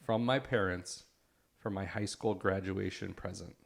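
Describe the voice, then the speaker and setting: Gravelly-voiced man co-hosting a casual podcast. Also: deep voice, steady tone, a little slow. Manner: reads facts aloud from a screen. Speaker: podcast co-host. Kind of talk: casual chat.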